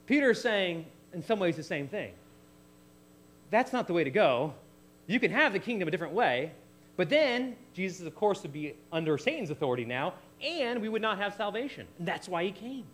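A man's voice: high voice, normal speed. A man preaching an expository sermon, acting out the figures he quotes. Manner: animated, acts out biblical figures in quotes.

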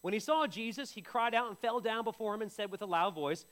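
A man's voice: high voice, fairly quick, few pauses, a bit bright. A middle-aged man preaching a sermon, telling the story vividly and acting out the voices of the people in it. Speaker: pastor.

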